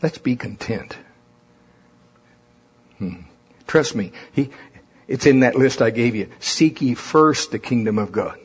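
A pastor delivering a sermon with impassioned, rising-and-falling preaching. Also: male voice, medium pitch, animated, unhurried, slightly rough.

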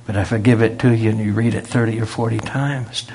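A man's voice: lowish voice, steady tone, fairly quick, darkish tone, slight background noise. A male preacher delivering a folksy sermon, telling stories in a conversational way and pressing his points home. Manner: folksy, conversational, rising to emphatic. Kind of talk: sermon with storytelling.

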